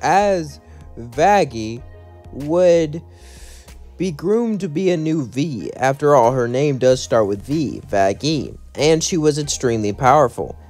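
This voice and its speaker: A man's voice: on the high side, lively intonation, slow pace, darkish tone, faint music behind. A man narrating a fan story read-aloud, rambling along and chaining events with "as". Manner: rambling, linking lines with "as".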